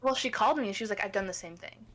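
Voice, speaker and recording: A woman's voice: medium pitch, very fast. Young woman, podcast co-host, chatty storyteller who curses a lot. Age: young adult. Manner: animated, swears a lot, acts out quoted people. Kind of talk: casual storytelling chat.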